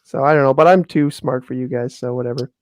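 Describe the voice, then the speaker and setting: A man's voice: mid-range voice, steady tone, fast, darkish tone, dry recording, dull audio. A man co-hosting a casual panel chat over a video call, joking and ribbing the others smugly. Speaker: co-host.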